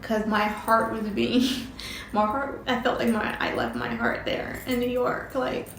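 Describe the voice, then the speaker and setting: A middle-aged woman telling a personal story, halting and emotional, with many fillers and restarts. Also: on the high side, very animated, fairly bright tone, echoey room, a little hiss or hum. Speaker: vlogger telling her story.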